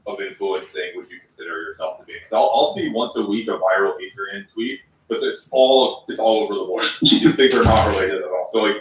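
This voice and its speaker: Casual male guest, friendly and loose; lowish voice, distant echoey sound. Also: a little fast, few pauses. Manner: friendly, casual, says bro. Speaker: guest in an online audio space. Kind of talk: casual chat. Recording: roomy, distant online audio.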